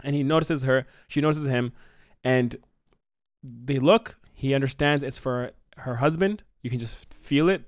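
A man co-hosting a podcast, pitching a film plot in a rambling, animated way with lots of fillers. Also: measured pace, dry recording, clean studio sound. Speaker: podcast co-host. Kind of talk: casual brainstorming chat.

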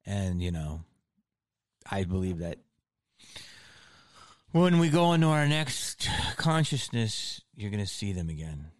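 Lively-pitched man hosting a podcast. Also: slow pace, pauses often, no room sound, clean studio sound. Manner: reactive, laughs loudly, short prompts. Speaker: podcast host. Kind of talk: casual podcast chat.

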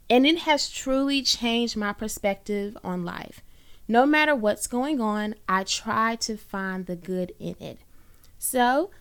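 A woman's voice: on the high side, clear, resonant tone. A woman hosting a short encouraging podcast, talking earnestly to listeners and saying y'all often. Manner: earnest, warm-hearted, uses y'all and folksy phrasing. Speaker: podcast host. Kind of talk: encouraging faith podcast monologue. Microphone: own microphone.

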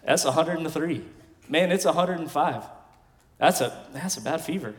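Emphatic pastor in reverberant hall. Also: male voice, fairly high pitch, normal speed. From West Texas. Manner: emphatic preaching that swings between loud declarations and quiet asides. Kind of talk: sermon. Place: large church sanctuary. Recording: long hall reverb from a church sanctuary.

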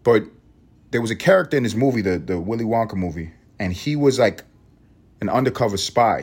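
A man hosting a solo podcast, ranting and rambling in a profane, animated way. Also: lowish voice, breathy edge. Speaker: podcast host.

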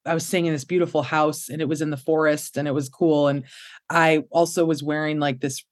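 A woman's voice: low voice, fairly even intonation, a little fast. A woman hosting a podcast, speaking openly and reflectively in casual conversation. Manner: open and reflective, with short affirmations.

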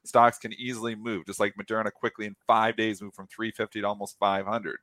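A man's voice: lowish voice, fairly quick, no echo. A man co-hosting a market show, chatting casually about trades in trader jargon. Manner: animated, talks in trader jargon. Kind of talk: casual trading chat.

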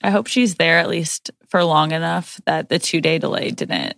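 A woman's voice: low-pitched, moderate pace, gravelly, fairly bright tone, dry recording, studio quality. A young woman co-hosting a podcast, chatting casually and rambling through a story, saying "like" all the time. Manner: chatty, rambling, heavy use of "like". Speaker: podcast co-host. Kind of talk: casual chat.

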